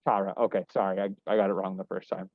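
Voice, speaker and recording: A young man working as a news reporter, asking questions in a casual, halting way with many restarts. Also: low-pitched, level tone, dry recording. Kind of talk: casual interview. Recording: dry, tinny phone-like line.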